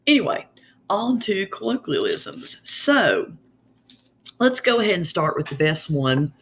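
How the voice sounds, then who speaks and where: Man, Southern Appalachian twang, somewhat high voice, casual explainer, folksy drawl. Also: huge pitch swings, fairly bright tone, breathy edge. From Southern Appalachia, USA. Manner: chatty, folksy, drawn-out twang. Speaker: vlogger explaining regional sayings.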